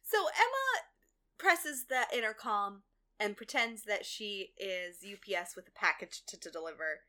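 A woman co-hosting a casual podcast, retelling a TV episode and acting out the characters' lines, sometimes yelling and swearing. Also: mid-range voice, animated, measured pace. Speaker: podcast co-host recapping a TV episode. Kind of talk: casual chat.

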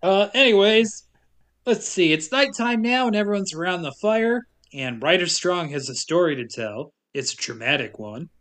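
A man's voice: high-pitched, lively intonation, normal speed, fairly bright tone. A man co-hosting a podcast, recapping a movie plot in casual chat with a wry, laughing delivery.

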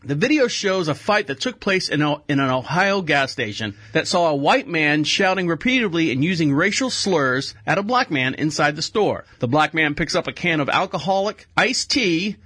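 Chatty high-voiced man, bright and dry. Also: dry recording. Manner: chatty, laughing, replays and retells clips. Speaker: podcast host. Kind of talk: casual commentary. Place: studio.

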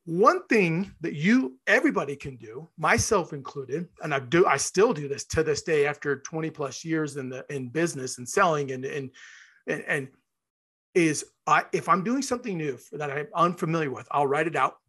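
A man's voice: on the high side, expressive, normal speed, a bit bright, breathy edge. A man hosting an interview podcast who talks enthusiastically, rambles a little and acts out short scenes. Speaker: podcast host. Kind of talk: interview conversation.

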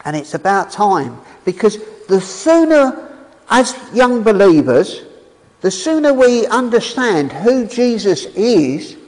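Animated man preaching in a hall. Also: sits high. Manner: animated, enthusiastic, reads scripture aloud with pauses. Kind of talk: sermon.

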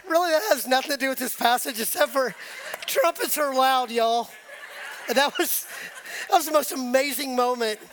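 A middle-aged man preaching a sermon, telling stories in a relaxed, conversational way with frequent laughs. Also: very high-pitched. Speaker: pastor.

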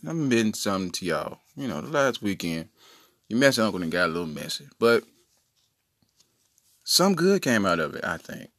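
A man's voice: on the low side, sing-song, brisk, long pauses, a bit bright, dry recording, clean studio sound. A man hosting his own podcast, telling joking stories in a playful, casual way. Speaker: podcast host. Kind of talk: casual comedic monologue.

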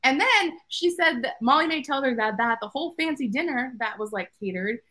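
An excited woman co-hosting a book podcast, with a fairly high voice. She talks fast and eagerly about the story and reads passages aloud with feeling. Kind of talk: casual chat and reading aloud from a book.

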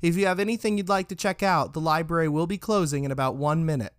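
A man voicing a bookish, probing young female cat in a story, with a light, higher-pitched questioning lilt. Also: fast, dry recording, clean studio sound, lightly acted. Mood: brisk.

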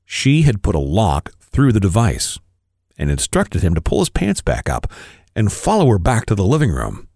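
A man, a podcast co-host, reading an erotic story aloud with expressive, varied delivery. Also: lowish voice, moderate pace, dry recording, clean studio sound.

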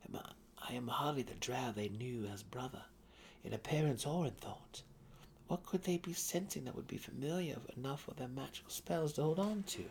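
A man reading aloud, voicing a wary, haunted young male drow elf ranger who questions intensely and drops to harsh whispers in a husky voice. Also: medium pitch, moderate pace, a little mellow, a little hiss or hum, pitched above the performer's own voice, close to an everyday voice. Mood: puzzled.

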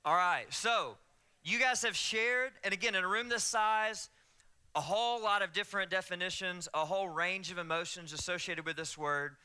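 A man's voice: high voice, normal speed, sharp tone, smooth. A man with a Southern US accent preaching a sermon to his congregation in a conversational, joking way. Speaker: pastor. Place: church sanctuary.

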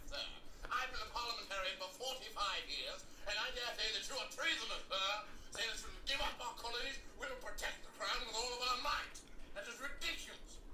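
An actor playing an indignant old male British parliamentarian with a snooty upper-class British accent and rolled R's. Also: extremely high pitch. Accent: upper-class British, put on. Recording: roomy, distant clip with music.

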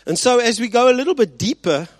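A male pastor preaching a sermon, swinging between loud emphasis and quiet asides and often checking in with his listeners. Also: very high-pitched, lively intonation, fast talker, dry recording. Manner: rhetorical check-ins with the congregation.

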